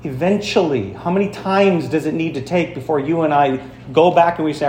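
A man's voice: a little high, fairly quick, few pauses, a little mellow, slight background noise. Emphatic man preaching in an echoey sanctuary. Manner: storytelling, emphatic, addresses congregation directly. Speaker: pastor. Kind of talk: sermon. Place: church sanctuary.

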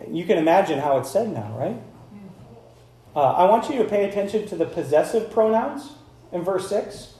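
A man's voice: high-pitched, lively intonation, normal speed, warm tone, reverberant. A man in his thirties preaching a sermon, casual and conversational, sometimes acting out voices to make a point. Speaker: pastor.

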